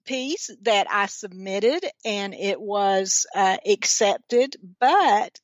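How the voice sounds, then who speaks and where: A woman's voice: medium pitch, very slow, dry recording, muffled recording. A woman with a thick Georgia accent, a guest author telling chatty stories in a casual interview. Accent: Georgia Southern. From Georgia, USA.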